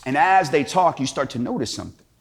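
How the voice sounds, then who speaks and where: A Catholic speaker gives an inspirational talk in a casual, slangy, storytelling style and acts out the quotes he tells. His voice is fairly high and animated, and he talks fast.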